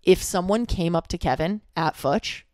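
A young woman with a notably low voice co-hosts a podcast in casual chat. She talks earnestly and carefully works through hypothetical cases. The mic is close and dry. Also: moderate pace, a little mellow, no echo. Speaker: podcast co-host.

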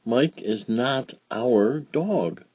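A man reading a children's storybook aloud, voicing a gentle, patient mother who talks softly, calm and kindly firm. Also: mid-range voice, drawn-out words, slightly rough, dry recording, voice pushed up, exaggerated voice.

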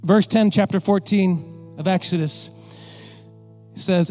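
A male pastor preaching a sermon in an animated, joking way, talking straight to his congregation. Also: high voice, moderate pace, faint music behind.

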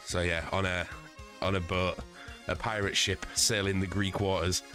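A man's voice: low voice, flat delivery, normal speed, bright, forceful tone, faint music behind. A man streaming live from home, chatting casually with a profane, rambling manner and stuffed up with a cold. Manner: profane, rambling, chuckling at his own jokes. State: congested with a cold.

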